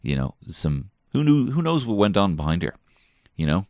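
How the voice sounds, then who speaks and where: Very deep, gravelly man, dry. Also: very animated, moderate pace, a little mellow, no echo. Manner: swearing, self-mocking, jumps between put-on voices. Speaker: comedian podcast host. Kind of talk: rambling comic storytelling. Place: small garden shed.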